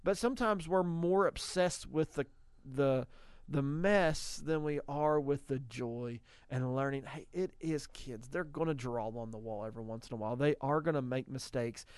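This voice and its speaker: Man, radio co-host, lively storyteller, smooth voice, dry studio sound. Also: mid-range voice, normal speed, few pauses, no room sound. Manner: animated storyteller, acts out quotes. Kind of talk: casual faith talk on radio.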